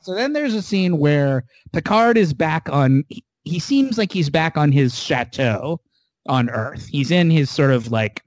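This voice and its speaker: A man casually retelling a television episode scene by scene as a podcast co-host, animated and swearing now and then. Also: on the high side, measured pace, no room sound.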